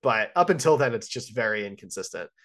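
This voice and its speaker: A man's voice: lowish voice, lively intonation, brisk, a bit bright. A man co-hosting a podcast, chiming in with dry comments about a film and laughing often. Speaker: podcast co-host. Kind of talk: casual movie review chat.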